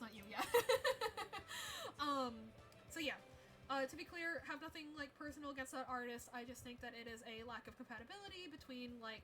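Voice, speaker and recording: A young woman streaming live as a VTuber artist, chatting casually and gushing excitedly, laughing often and swearing now and then. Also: a little high. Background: faint music.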